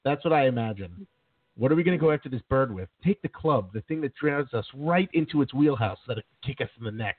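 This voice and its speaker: A man co-hosting a podcast, talking in casual, animated rants. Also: medium pitch, fast talker, slightly rough, dry recording. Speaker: podcast co-host. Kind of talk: casual chat. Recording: dry tinny phone-like sound.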